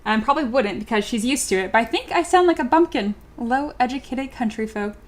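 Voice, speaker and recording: A young adult woman livestreams while sculpting, chatting casually with lots of fillers and giggling as she reads viewers' comments aloud. Her voice is on the high side, expressive, and fairly quick.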